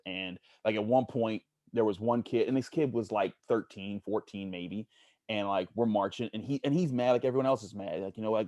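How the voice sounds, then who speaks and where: A man from Pittsburgh, a sports journalist, talking earnestly as a podcast guest, halting and searching for words. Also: lowish voice, mellow, no echo, studio quality. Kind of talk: casual interview storytelling.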